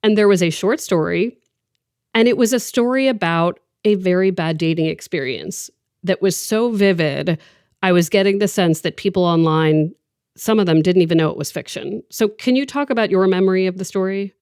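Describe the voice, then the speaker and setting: A woman hosting a podcast in a chatty, enthusiastic way, often slipping into quoted asides. Her voice sits a little low and the recording is close and dry, with no room sound. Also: normal speed, smooth, dry recording. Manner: chatty and enthusiastic, quoting people in lively asides. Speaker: podcast host. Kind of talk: conversational podcast interview.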